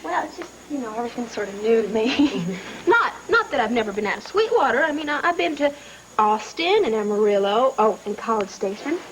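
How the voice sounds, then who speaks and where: A woman's voice: on the high side, very animated, brisk, slight background noise, poor audio. An actress playing a bashful, chatty young woman from Texas with a Texas accent, self-deprecating and stammering politely. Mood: shy, friendly. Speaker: veterinary clinic worker visiting town. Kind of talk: daytime soap acting.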